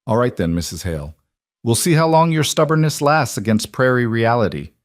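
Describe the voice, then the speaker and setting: A man's voice: mid-range voice, very animated, brisk, dry recording, studio quality, lightly acted. A man voicing a weary frontier man who has run from his past all his life, in short, plain-spoken sentences. He sounds like a storybook reading. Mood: wry.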